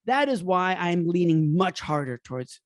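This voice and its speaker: A man's voice: high-pitched, big pitch swings, moderate pace, dry recording, studio quality. A young man co-hosting a comedy podcast, rambling and laughing often as he riffs. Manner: rambling, laughs often, drops into silly put-on voices. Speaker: podcast co-host. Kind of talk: casual comedic banter.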